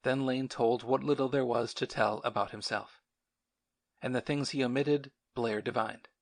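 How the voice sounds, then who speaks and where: A man narrating a novel as an audiobook in a measured, sombre manner. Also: mid-range voice, fairly even intonation. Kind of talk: scripted narration.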